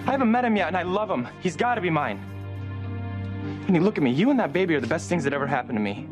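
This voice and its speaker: A man's voice: a little high, big pitch swings, quick pace, over music. Betrayed, demanding young man. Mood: angry. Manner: demanding, sarcastic. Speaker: soap opera character. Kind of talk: daytime soap acting.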